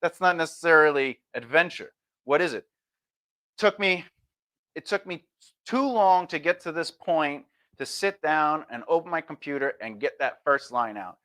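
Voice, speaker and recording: Guy coaching on marketing, bright sharp voice, kinda high, acts out little voices as he goes. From Sicilian family. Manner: animated, acts out quick voices and punchy phrases. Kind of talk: lecture-style marketing advice.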